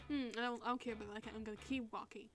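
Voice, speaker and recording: A woman's voice: fairly high pitch, fairly even intonation, very fast. A woman streamer casually reading online quiz questions aloud and reacting with laughs and swearing. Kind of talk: casual reading and commentary while taking online quizzes.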